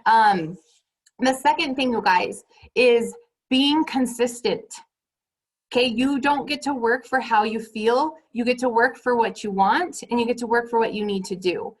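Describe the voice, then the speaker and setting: A woman's voice: fairly high pitch, measured pace, breathy edge, low-quality recording. A woman leading her sales team on a motivational call. She talks emphatically, repeats her points and keeps turning to the listeners as "you guys".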